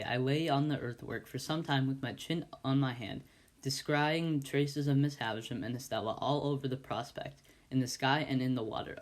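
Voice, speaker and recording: Guy volunteering to read a classic novel aloud, mid-pitched, trips over words now and then. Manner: steady reading with frequent stumbles and restarts. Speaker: volunteer reader. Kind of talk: amateur audiobook reading.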